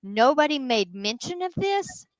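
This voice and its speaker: A woman, a guest ghost hunter telling a story in casual, animated talk. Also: sits high, a little slow, dry recording, highs cut off. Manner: animated, addresses listeners as y'all.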